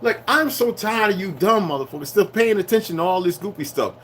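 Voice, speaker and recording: A man with a slightly raised voice rants in a rambling solo video, swearing freely as he swings from heated outbursts to low grumbling. A faint hum of passing vehicles sits behind him. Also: expressive, fairly quick. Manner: profane, heated, swings from shouting to muttering. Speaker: vlogger.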